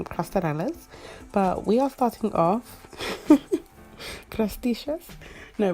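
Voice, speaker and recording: A woman's voice: lowish voice, creaky, warm tone. A young adult woman chatting casually through a makeup tutorial in a playful, joking way, coining silly words as she goes. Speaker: beauty vlogger. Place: indoors at home under studio lights.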